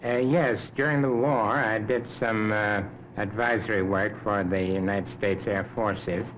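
Older man answering slowly on a hissy 1950s recording. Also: on the low side, steady tone. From Canada. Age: 70s. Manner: measured, unhurried, many hesitations. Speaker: interview guest, Arctic explorer. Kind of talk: unscripted interview answers. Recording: dull lo-fi 1950s recording with clear hiss.

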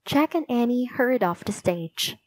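A woman reading a children's chapter book aloud with clear, deliberate storytelling. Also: a little high, expressive, darkish tone, dry recording, rough recording. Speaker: narrator.

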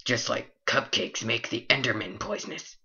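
A man's voice: medium pitch, sing-song, normal speed, creaky, bright, forceful tone. A man voicing a boastful, needy mooshroom cow who brags and pleads, in a comic skit. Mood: smug. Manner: smug, then pleading. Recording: lo-fi dull recording.

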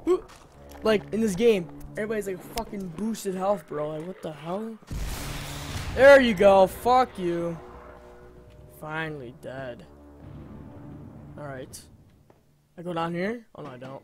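A young man hosting a gaming channel, reacting loudly as he plays, swearing constantly and gasping and yelping at scares, speaking into a home desk mic. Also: high-pitched, measured pace, long pauses, a little hiss or hum. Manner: excitable, swears constantly, yelps and gasps at scares. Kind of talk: live let's-play commentary. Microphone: home desk mic that glitches.

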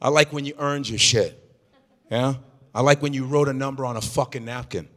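A man doing improvised stand-up comedy, loud and animated, swearing and shouting his punchlines. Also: medium pitch, a little fast, in a large hall.

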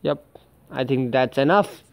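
A man's voice: medium pitch, unhurried, gravelly, faint music behind. A young man giving casual, profane gameplay commentary and talking to the characters on screen. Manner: swears a lot, talks to the game characters. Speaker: gaming channel host.

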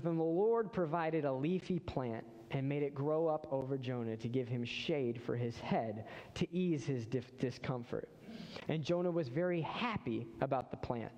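A man preaching a sermon as pastor, lively and animated, acting out the voices of people in the story. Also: a little high, big-room sound. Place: church hall.

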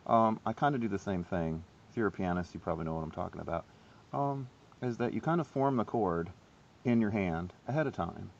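A man giving a casual, self-deprecating harp lesson, chatty and quick to laugh at himself. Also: low voice, gravelly, dull audio, slight background noise. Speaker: harp teacher.

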